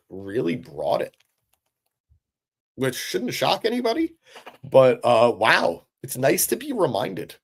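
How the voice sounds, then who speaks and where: A man's voice: mid-range voice, gravelly. A man hosting a live-stream recap, talking casually and with enthusiasm, answering chat with lots of fillers. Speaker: wrestling recap host.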